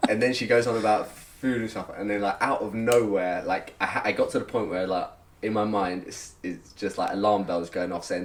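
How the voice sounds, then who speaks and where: Young man, very deep voice, casual podcast chat, rambling, sweary. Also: fairly even intonation, fairly quick. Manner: rambling storytelling, heavy swearing, frequent laughter. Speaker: podcast co-host.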